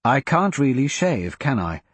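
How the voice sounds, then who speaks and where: A man plays an ancient wizard who speaks slowly, calm and blunt. The voice is husky and grave, rising and dropping over a wide range. It is a close, dry storybook reading. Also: mid-range voice, no room sound. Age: older. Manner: measured, grave.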